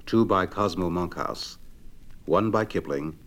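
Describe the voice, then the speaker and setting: A man reading limericks aloud in a lively sing-song recitation. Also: sits low, unhurried. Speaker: poetry reader.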